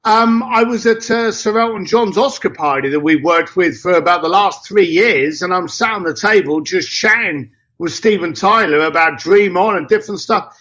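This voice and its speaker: A man telling anecdotes in an interview, acting out dialogue in a lively way with casual slang and mild swearing. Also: high voice, normal speed, hardly any pauses. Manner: lively, acts out both sides of dialogues. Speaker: interview guest. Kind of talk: anecdotal storytelling.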